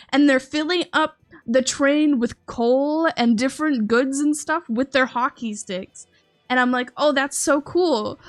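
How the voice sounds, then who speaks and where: A woman's voice: high-pitched, fairly bright tone. A woman streamer telling a long story in casual chat, rambling with lots of "um"s and restarts and laughing often.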